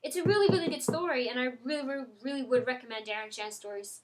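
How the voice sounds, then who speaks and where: A young woman chatting casually to her webcam, rambling with lots of ums and restarts and getting excitable. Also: high-pitched, fast. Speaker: vlogger. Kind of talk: casual chat to camera.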